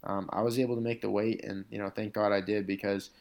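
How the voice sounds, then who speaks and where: A man's voice: on the low side, little pitch movement, fast, creaky, darkish tone. A man, a professional fighter, telling stories from his career in a loose, rambling way, full of "like" and "you know". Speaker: MMA fighter, interview guest. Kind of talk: casual storytelling in conversation.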